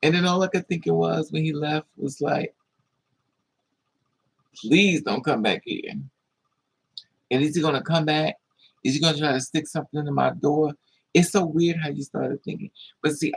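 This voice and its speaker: A man telling a story in a casual monologue, animated and acting out voices with high-pitched squeals. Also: a little fast, vocal fry, husky, low-quality recording. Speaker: live streamer.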